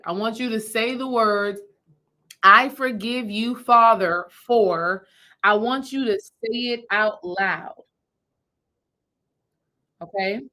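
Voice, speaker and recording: A fairly bright, medium-pitched woman's voice belongs to a spiritual healing coach leading a live audience in meditation. She moves through it step by step in a loose, repetitive style, and the recording is rough.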